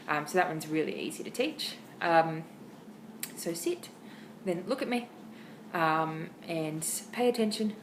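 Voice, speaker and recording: A woman with an Australian accent casually sharing dog training tips at home, chatty and expressive with lots of ums. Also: fairly low pitch, a little hiss or hum, low-quality recording. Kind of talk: casual how-to talk to camera. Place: home, indoors.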